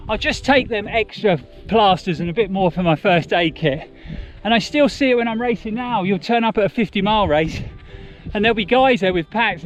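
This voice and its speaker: A man's voice: sits high, a bit bright. Encouraging man, music behind. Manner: chatty and encouraging. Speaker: running vlogger. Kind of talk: casual advice to camera.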